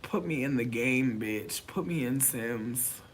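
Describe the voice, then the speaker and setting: A man chatting casually to camera, animated and profane, swinging from loud outbursts to mumbled asides. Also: medium pitch, takes it slowly, slight background noise. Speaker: vlogger.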